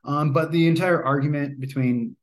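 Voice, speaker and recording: A man's voice: on the high side, fairly even intonation, moderate pace. A man giving a casual, rambling spoken movie review, with lots of fillers and restarts.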